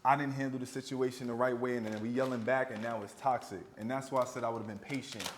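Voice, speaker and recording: A man from New York talks earnestly, stumbling and repeating words as he makes his case. His mid-pitched voice carries a roomy echo, with faint noise in the background. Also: fairly even intonation, fast. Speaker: guest. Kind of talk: candid conversation over a meal.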